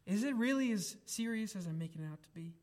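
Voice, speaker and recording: A young man preaching a sermon, emphatic, moving between raised exclamations and quiet reflective asides. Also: high-pitched, lively intonation, quick pace.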